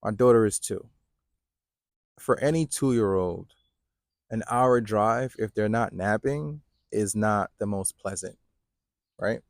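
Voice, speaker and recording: A fatherhood coach in his thirties gives casual advice to the camera, peppering his talk with "like" and "right?". His voice is lowish and slow, with long pauses. The recording is dry and studio quality.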